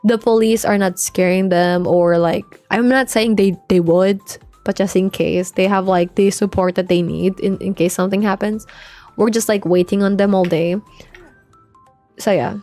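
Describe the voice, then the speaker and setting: Soft music plays behind this young woman from the Philippines as she livestreams a game, talking casually and swearing without restraint. Her mid-range voice is warm and steady at a moderate pace, peppered heavily with "like."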